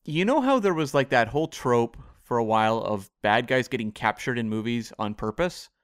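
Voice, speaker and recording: A man co-hosting a casual podcast, talking in a thoughtful, measured, hedging way. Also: medium pitch, animated, clear, resonant tone, no echo, studio quality. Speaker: podcast co-host. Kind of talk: casual discussion of a TV episode.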